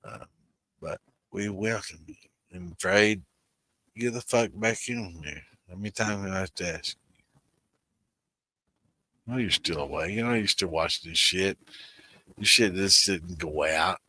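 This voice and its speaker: A man's voice: low voice, unhurried, pauses often, pushed and bright, dry recording. A man, hosting a livestream in rambling, profane casual chat and calling out viewers by name. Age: 60s. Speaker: host of a moonshine livestream.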